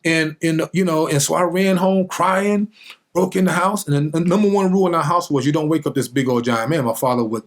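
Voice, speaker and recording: This show guest, a former football player, recounts a childhood story in a voice on the high side, speaking fairly quickly. He tells it in an animated way, full of energy and drama.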